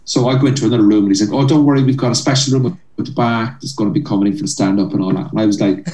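A man's voice: fairly low pitch, very fast, reverberant, far from the mic, rough recording. A man with an Irish accent, a comedian telling a long story with lots of energy, acting out the people in it and laughing. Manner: animated storyteller, acts out voices and laughs. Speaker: comedian guest. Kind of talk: storytelling anecdote.

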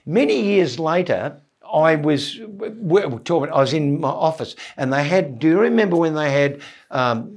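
Husky, lively older Australian man. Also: a little high, normal speed. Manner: animated, jokey, stammering restarts, mimics voices. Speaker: comedian, guest. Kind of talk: anecdotal interview storytelling.

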